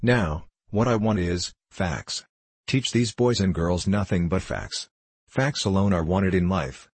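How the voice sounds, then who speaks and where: A stern, dictatorial middle-aged man of facts, as read by a man, inflexible and emphatic. The voice sits very low and a little husky, with a close, dry sound. It suits an audiobook character reading. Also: measured pace, no room sound, heavily acted.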